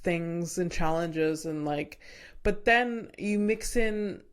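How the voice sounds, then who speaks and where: A woman's voice: lowish voice, slow pace, clear, resonant tone. A woman hosting a podcast in casual chat, retelling movie scenes with lots of laughter. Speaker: podcast host.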